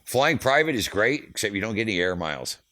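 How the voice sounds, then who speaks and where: A deep-voiced man in his fifties tells rowdy road stories, cursing freely. His tone is bright and forceful. The sound is dry and close. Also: very animated, quick pace, dry recording. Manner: profane, heated storyteller, acts out quotes. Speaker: touring manager guest. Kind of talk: casual storytelling interview.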